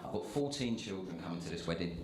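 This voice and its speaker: A man putting on a hushed, grave mob godfather voice at a wedding, speaking low and slow in an echoey room. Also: animated, noisy background.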